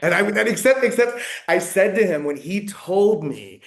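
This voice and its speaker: A man's voice: sits high, expressive, normal speed, vocal fry. A man from the United States, a podcast guest in casual conversation, talking in a rambling, reflective way with many fillers and restarts.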